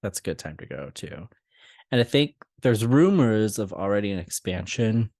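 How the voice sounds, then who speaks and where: Podcast co-host, young man, low voice, dry close sound, laughs a lot. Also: moderate pace, gravelly, dry recording. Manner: laughing often, animated storytelling. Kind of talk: casual chat.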